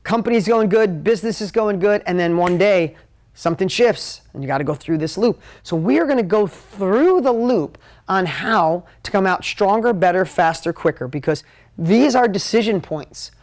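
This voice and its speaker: A man teaching a live motivational talk at a whiteboard, energetic, emotional and conversational. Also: high-pitched, moderate pace. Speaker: motivational business coach.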